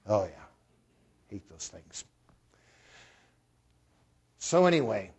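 A man with a husky, slightly breathy voice preaching to his congregation. He tells a story in plain, conversational terms and keeps putting questions to the listeners. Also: fairly low pitch, darkish tone. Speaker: pastor. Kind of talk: sermon.

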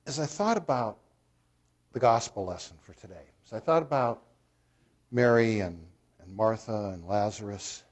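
A man's voice: lowish voice, animated, normal speed. A man preaching a sermon as a pastor, telling a story in a conversational way and putting questions to the congregation.

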